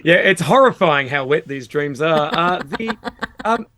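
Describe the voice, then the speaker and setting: A man with an Australian accent, riffing as a guest on a comedy panel. His voice sits fairly high and bounces around as he jokes. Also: measured pace. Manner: animated, jokey storytelling with put-on voices. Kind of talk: comic panel banter.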